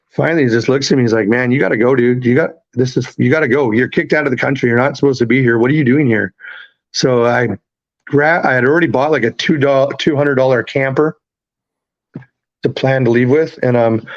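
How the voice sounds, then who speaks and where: Male podcast guest, 30s, rambling casual storyteller, muffled audio. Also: mid-range voice. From Canada. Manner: rambling, halting, many fillers and restarts. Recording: slightly dull lo-fi audio.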